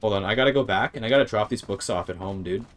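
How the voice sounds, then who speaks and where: A man streaming gameplay in casual chatter, thinking aloud, sounding out words haltingly and swearing now and then. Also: on the low side.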